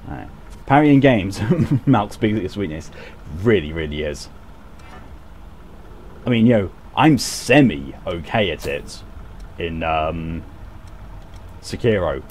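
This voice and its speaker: A man's voice: sits low, very animated, takes it slowly, pauses often, a little mellow, a little hiss or hum. A man giving casual, self-mocking commentary while he plays a game on stream, often laughing at his own mistakes. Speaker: gaming streamer.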